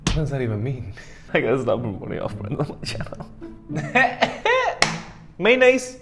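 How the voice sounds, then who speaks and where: A young man doing comedic reaction commentary, animated and laughing often as he reacts to fan memes. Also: mid-range voice, measured pace, over music. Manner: animated, laughs often, switches into exaggerated voices.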